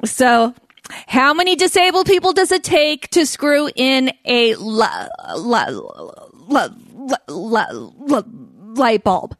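A woman's voice: high voice, big pitch swings, takes it slowly, fairly bright tone, no room sound, clean studio sound. A woman, giving a playful comedic talk to an audience, speaking with a stutter and laughing often. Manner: stutters, with repeated sounds and blocks. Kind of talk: stand-up style talk to a live audience.

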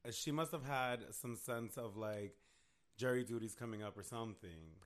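A man's voice: medium pitch, normal speed. A man co-hosting a casual podcast, playful and jokey. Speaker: podcast co-host. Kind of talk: casual chat.

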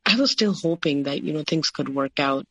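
A woman's voice: low voice, expressive, normal speed, no room sound, muffled recording. A woman telling her personal story as an interview guest, full of fillers and quoted dialogue. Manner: recounting with many "like" and "you know" fillers, quoting others.

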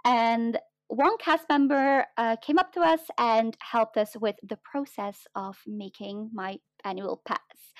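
High-voiced chatty young woman. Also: no room sound. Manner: excited, chatty, many fillers. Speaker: guest telling a story. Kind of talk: casual chat, storytelling.

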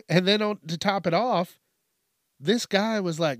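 A man riffing on news stories in a rambling comedic rant, cursing often and breaking into laughter. His delivery is slow and unhurried, and his voice sits a little higher than most men's. The sound is dry and close, with no room echo. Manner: profane, ranting, laughs often. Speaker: host.

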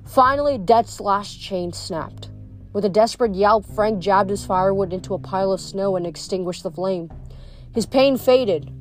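A woman reading chapters of a novel aloud, measured, with occasional small stumbles over words. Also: mid-range voice, faint music behind. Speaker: audiobook reader.

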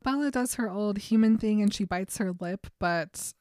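A woman's voice: mid-range voice, moderate pace, a little mellow, no echo, clean studio sound. A young adult woman co-hosting a podcast, retelling a novel in casual chat, chatty and often giggling. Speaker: podcast co-host.

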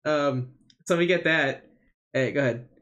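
A man's voice: on the high side, measured pace, fairly bright tone, dull audio. A man co-hosting a podcast, chatting casually about wrestling in a rambling, hesitant way with lots of fillers. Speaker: podcast co-host. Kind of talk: casual wrestling recap chat.

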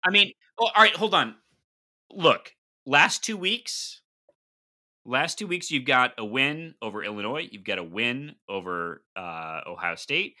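A man co-hosting a sports podcast, reading listener questions in an animated, teasing way. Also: mid-range voice, a little slow. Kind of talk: casual chat.

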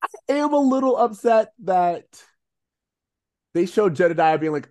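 Animated man chatting on a podcast. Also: sits high, unhurried. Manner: animated, acts out quoted lines in character voices. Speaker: podcast co-host. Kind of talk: casual rewatch podcast chat.

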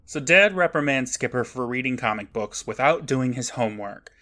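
A young man co-hosting a podcast, recapping an episode in a wry, steady storytelling manner. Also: mid-range voice, moderate pace. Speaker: podcast co-host. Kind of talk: casual recap narration.

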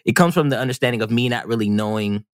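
A man's voice: medium pitch, expressive, quick pace, dry recording, studio quality. A man telling a personal story on a podcast in a casual, rambling, self-mocking way. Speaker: podcast guest.

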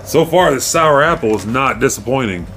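A man's voice: mid-range voice, lively intonation, moderate pace, fairly bright tone, slight background noise. A man, co-hosting a loose, swearing podcast chat and breaking into yelps and mock cheers. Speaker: podcast co-host. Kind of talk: casual stoned chat.

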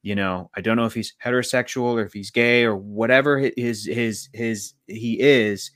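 A man co-hosting a podcast, reviewing a film in casual chat and acting out scenes in quick quoted voices. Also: mid-range voice, steady tone, a bit bright, no echo, studio quality. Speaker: podcast co-host.

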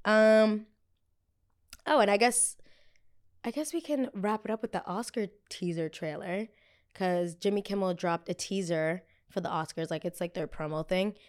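A woman's voice: mid-range voice, normal speed. A young woman hosting a casual pop culture chat, rambling and chatty with sassy asides. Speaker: podcast host.

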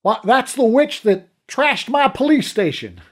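Man doing a loud panicky cop. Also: very high-pitched, lively intonation, unhurried, pitched above the performer's own voice, exaggerated voice. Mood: indignant.

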